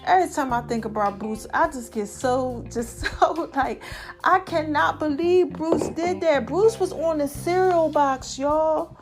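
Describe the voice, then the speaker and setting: A woman hosts her own podcast solo, chatting casually, laughing often and calling her listeners baby and y'all. Her voice sits high and moves at a measured pace, with music underneath.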